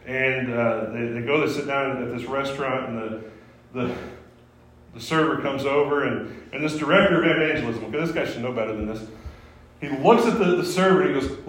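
A man's voice: mid-range voice, brisk. A man preaching a sermon as pastor, emphatic and prone to restarting his words. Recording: roomy echo.

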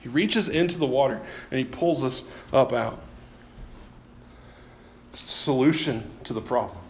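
A man's voice: mid-range voice, a little slow, roomy sound, a little hiss or hum. A man preaching a sermon as pastor, talking in a folksy, self-deprecating way and often repeating his words.

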